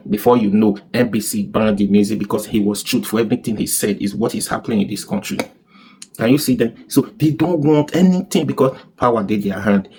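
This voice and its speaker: Husky Nigerian man ranting on politics. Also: on the low side. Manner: animated, mixes in Pidgin, rhetorical questions. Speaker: political commentator. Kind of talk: political commentary vlog.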